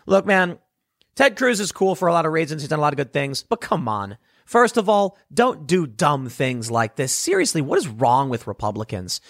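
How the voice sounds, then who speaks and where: A man's voice: a little high, very animated, a little fast, few pauses, no room sound, studio quality. A young adult man delivering a blunt, sarcastic solo commentary segment, scornful and ranting. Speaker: political commentator.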